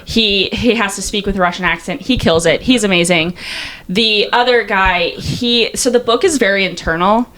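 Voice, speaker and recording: A young woman co-hosting a podcast, rambling excitedly with lots of fillers and laughs. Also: medium pitch, moderate pace, poor audio. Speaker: podcast co-host. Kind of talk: casual chat.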